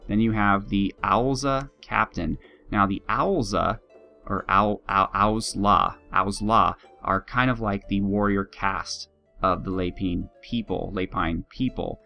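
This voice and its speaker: A man's voice: lowish voice, steady tone, a little slow, gravelly, pushed and bright. A man casually commenting on a strategy game, chatty and laughing at his own jokes. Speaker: game video host. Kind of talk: casual let's-play commentary. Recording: faint guitar music behind.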